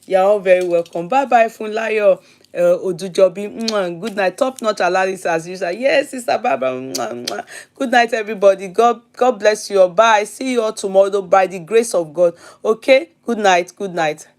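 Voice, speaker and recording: A Nigerian woman hosts a live stream in a loose, chatty way. She reads out viewer names and comments as she goes and laughs easily. She sounds middle-aged, with a medium-pitched voice. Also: moderate pace, a little mellow. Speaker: host of a live commentary show. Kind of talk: casual live-stream chat reading comments.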